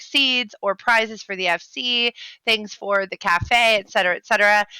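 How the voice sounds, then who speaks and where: Bright-voiced woman leading a guild meeting. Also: medium pitch, clear, resonant tone, no echo, low-quality recording. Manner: chatty, upbeat, self-correcting. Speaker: free company leader hosting a meeting. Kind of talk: casual group call.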